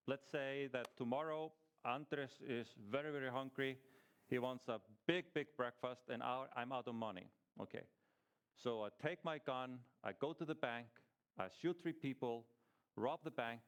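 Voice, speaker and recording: A man's voice: medium pitch, unhurried, clear, resonant tone. A man giving an informal teaching talk to a small church group, conversational, asking the group questions as he goes and often restarting his sentences.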